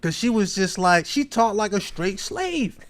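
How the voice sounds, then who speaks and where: A man's voice: high-pitched, very animated, measured pace. A man with a Baltimore accent hosting a podcast, telling a long, rambling story in casual slang. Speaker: podcast host.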